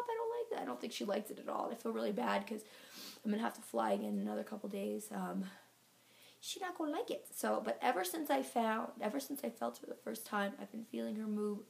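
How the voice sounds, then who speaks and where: Woman, vlogger, casual chat to camera, gravelly fry, slightly out of breath, rambling with lots of fillers. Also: medium pitch. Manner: chatty, filler-heavy storytelling. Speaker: vlogger giving a pregnancy update.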